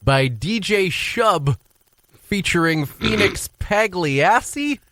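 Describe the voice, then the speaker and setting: Brief: male radio co-host, animated pitch, dry close studio mic, relaxed chat. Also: slow, no echo. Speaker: radio morning show co-host. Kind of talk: casual on-air banter. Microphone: studio microphone.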